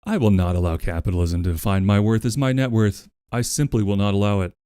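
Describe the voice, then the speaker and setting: A man's voice: fairly low pitch, steady tone, fast, dark tone, clear, resonant tone, no room sound. A man streaming from home, chatting casually with his viewers, playful and crude, and he often sings along to music. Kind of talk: casual live-stream chat.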